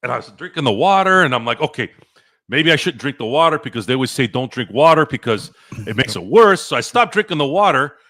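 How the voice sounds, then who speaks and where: A man hosting a podcast, telling stories in casual chat, animated and profane, acting out his own past lines. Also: mid-range voice, quick pace, dry recording, studio quality. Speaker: podcast host.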